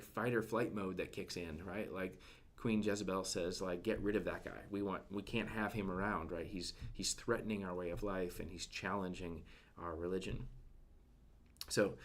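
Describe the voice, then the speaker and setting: A man giving a casual devotional talk, conversational and full of fillers, often turning to ask his listeners questions and sinking to a soft near-whisper at emotional points. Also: low-pitched.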